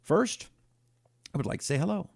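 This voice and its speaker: A man hosting a live talk show, reading an ad and viewer comments in an animated, emphatic way. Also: on the high side, normal speed, creaky, no room sound.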